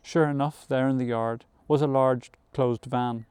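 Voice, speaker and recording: A man narrating a novel aloud as an audiobook reader, in a measured storytelling manner that includes occasional self-corrections. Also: mid-range voice, fairly even intonation, a little mellow, clean tone, no echo.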